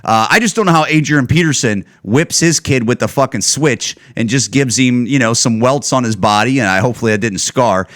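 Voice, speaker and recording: A man's voice: animated, a little fast, hardly any pauses. Profane, ranting male podcast host. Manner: swings to loud, high-pitched outbursts when worked up. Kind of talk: casual solo podcast rant.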